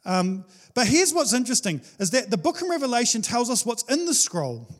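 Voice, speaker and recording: A man with a notably high voice preaches a sermon. He reads passages aloud and unpacks them in a relaxed, animated manner, slipping into playful asides. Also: brisk. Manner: animated, playful, acts out quoted voices with laughs.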